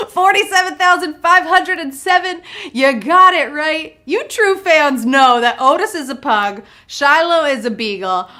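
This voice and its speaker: A young woman hosts a live trivia game show, bubbly and playful, tossing out puns and banter. Her voice sits high with a sharp edge.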